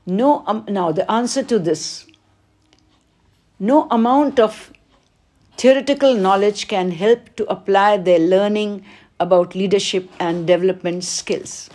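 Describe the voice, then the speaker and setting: A woman, teaching as she works through an exam paper, reading each question aloud and then explaining the answer with pauses. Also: medium pitch, a little mellow. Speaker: English teacher. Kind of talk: exam paper walkthrough lesson.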